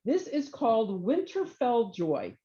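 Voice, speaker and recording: A woman presenting knitting yarns and jackets to a small audience in a relaxed, chatty way, often trailing off with fillers and restarts. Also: a little high, slow pace, highs cut off. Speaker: yarn shop presenter. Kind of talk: informal trunk show presentation.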